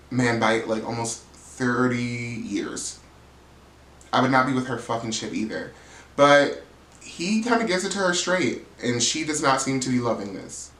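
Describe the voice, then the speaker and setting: A man hosting a reality TV recap, talking in a sassy, gossipy way and swearing freely as he breaks down the drama. His voice sits at a middling pitch. It echoes around a roomy space. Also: fairly bright tone. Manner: sassy, profane, chatty, calls people "girl". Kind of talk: casual gossipy commentary.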